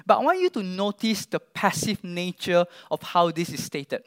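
A man's voice: high-pitched, animated, moderate pace, hardly any pauses, a bit bright, dry recording. A man preaching a sermon, emphatic, asking the listeners questions directly and acting out the disciples' sarcastic lines.

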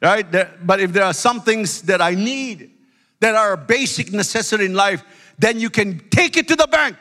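High bright preaching man, hall reverb. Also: expressive, normal speed. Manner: emphatic preaching with hallelujahs and call-outs. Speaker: pastor. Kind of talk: sermon. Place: church sanctuary.

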